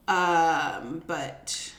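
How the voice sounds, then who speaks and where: A young woman in a casual chat, animated and laughing, who swears freely and acts out quotes. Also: sits low, extremely slow, roomy sound.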